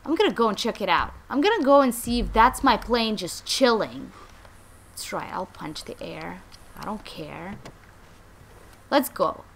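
A young woman hosting a let's play, commenting with exasperation, muttering and then yelling. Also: medium pitch, very animated, measured pace, vocal fry, slight background noise. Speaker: gaming channel host.

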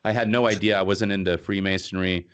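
A man hosting a podcast interview, telling a personal story in a casual, animated way. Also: low voice, fast, clean tone. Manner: animated storyteller, acts out quotes, laughs. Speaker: podcast host.

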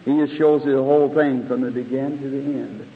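A man's voice: mid-range voice, steady tone, brisk. A man preaching a sermon in an earnest, conversational way, often asking the audience questions, recorded on old tape in a church hall. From United States. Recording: phone-like archival tape in an echoey hall.

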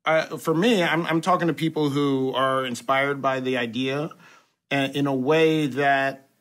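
A man's voice: medium pitch, fairly even intonation, unhurried, a bit bright. A man in his forties, a film director guesting on a podcast, talking animatedly in a casual way and swearing freely. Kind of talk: casual chat.

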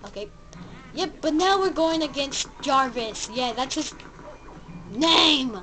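A woman giving casual gameplay commentary, excitable, yelping at the game and babbling silly sound effects. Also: sits high, slow pace, poor audio. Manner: excitable, yelps and shouts at the game. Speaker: let's play gamer.

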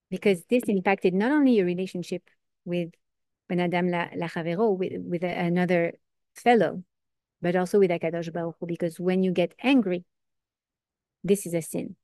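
A woman giving an informal Torah class, earnest and lively, asking questions and answering them herself. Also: medium pitch, no room sound, studio quality. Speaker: Torah teacher.

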